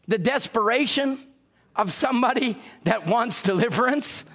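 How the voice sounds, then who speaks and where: High-pitched, bright-voiced shouting preacher. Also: male voice, animated, moderate pace. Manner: impassioned, often shouting. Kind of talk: sermon.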